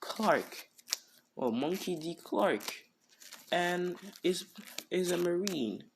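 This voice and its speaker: A man's voice: high voice, expressive, very slow, vocal fry, background noise, pitched above the performer's own voice, exaggerated voice. A man voicing a cheerful, bold young male pirate in a rambling, casual way, retelling a fan story. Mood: boastful. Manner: rambling, casual, filler-heavy.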